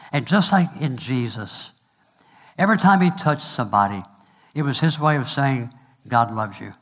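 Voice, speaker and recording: A middle-aged male pastor preaching a sermon, asking "amen?" and slowing down to stress each point. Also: mid-range voice, a bit bright. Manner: preaching with call-and-response and numbered points; slows to stress phrases, quick asides.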